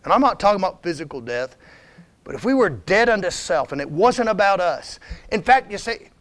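Man, high voice, emphatic conversational church sermon from a visiting missionary preacher. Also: sing-song, fairly quick, a bit bright. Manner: emphatic, conversational, keeps urging "listen" and "come on now". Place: church sanctuary.

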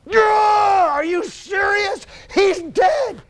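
A man preaching acts out an angry, grieving biblical woman, shouting raw accusations at Jesus. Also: extremely high pitch, animated, unhurried, a little hiss or hum, voice pushed up. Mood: indignant.

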